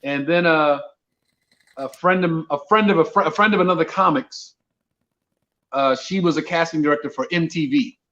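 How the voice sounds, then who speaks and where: A man's voice: on the high side, moderate pace, dull audio. A man from Brooklyn, a comedian telling a story casually and acting out the dialogue. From Brooklyn, New York. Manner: animated storyteller, acts out dialogue. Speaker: comedian guest.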